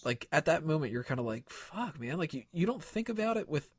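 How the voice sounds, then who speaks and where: A man's voice: a little high, fast, a crowd in the background. Casual man hosting a podcast. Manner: animated retelling with profanity and impressions. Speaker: podcast host. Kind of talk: casual movie-review chat.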